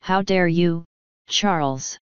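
A woman's voice: lowish voice, slow pace, clean tone, no echo. A woman reading the part of a haughty upper-class older woman, speaking in an icy, imperious way. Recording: dull lo-fi sound.

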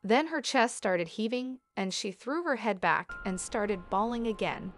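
A woman's voice: mid-range voice, a little slow, faint music behind. A woman reading a horror story aloud as scripted narration, lightly voicing the quoted lines.

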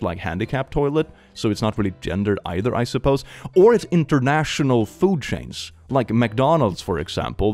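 A young man in his twenties reads online stories and riffs on them in a casual, joking way. His pitch leaps around constantly, swinging from low asides to high exclamations. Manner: animated, joking. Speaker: online story reader and commentator.

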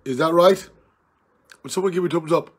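A tipsy man with an Irish accent on a live stream, loudly teasing and challenging an old friend in rowdy banter. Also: fairly high pitch, normal speed, slightly rough. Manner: loud, jokey, challenging and teasing. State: tipsy from drinking.

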